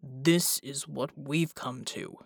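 A woman reading the part of a stern male team leader in an audiobook, speaking in a grave, formal, measured way. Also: extremely low pitch, vocal fry, husky, no echo, studio quality, voice pushed down, exaggerated voice. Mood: resigned.

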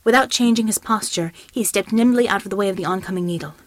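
A woman reading an audiobook in measured scripted narration, close to the microphone. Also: mid-range voice, no room sound.

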